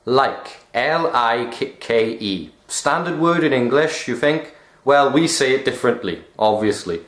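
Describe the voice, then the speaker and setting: A man's voice: mid-range voice, animated, measured pace, fairly bright tone. A young man from Wales with a Welsh accent, chatting casually with wry, jokey asides. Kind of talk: casual chat. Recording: roomy echo.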